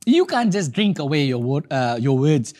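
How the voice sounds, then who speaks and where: Animated man preaching. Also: on the high side, normal speed. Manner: emphatic and repetitive, stressing key words. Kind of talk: sermon.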